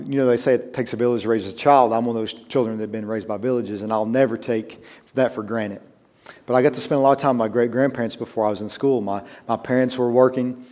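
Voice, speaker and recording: A man's voice: mid-range voice, a little mellow. A man preaching a sermon, telling a personal story in a conversational way that builds to emphatic urgency.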